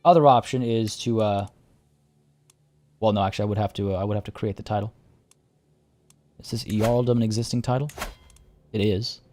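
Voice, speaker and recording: A man's voice: on the low side, steady tone, brisk, pauses often, a little mellow, soft background music. Chatty male game streamer thinking aloud. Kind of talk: casual live-stream commentary.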